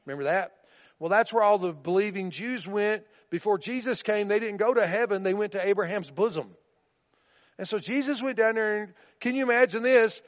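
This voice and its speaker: A man's voice: high voice, fairly quick. A man preaching a sermon in a conversational way, often checking in with listeners by asking "right?", on a dull recording with long reverb in a large room.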